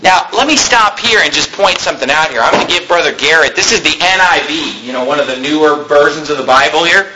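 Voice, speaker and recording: A man's voice: a little high, animated, quick pace, few pauses, background noise. A man pastor preaching a sermon, reading scripture aloud and explaining it to the congregation.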